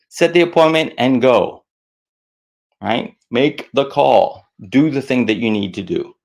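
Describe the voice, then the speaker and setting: A middle-aged man giving casual stress-management advice to camera, animated and self-mocking, acting out worried voices in a higher pitch. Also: normal speed.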